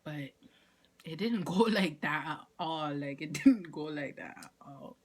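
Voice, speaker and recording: A woman's voice: sits low, a little slow. A young woman telling a casual storytime vlog, acting out quoted lines with whispers and laughter. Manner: animated, acts out quotes, frequent laughs and whispers. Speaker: vlogger.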